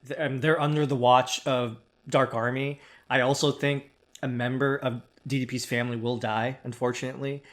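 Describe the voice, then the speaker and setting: A podcast co-host with a mid-range voice speculates about a TV series. They talk casually and get excited, but often hedge their guesses. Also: mid-range voice, moderate pace. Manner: speculative, enthusiastic, hedging. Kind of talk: casual TV discussion.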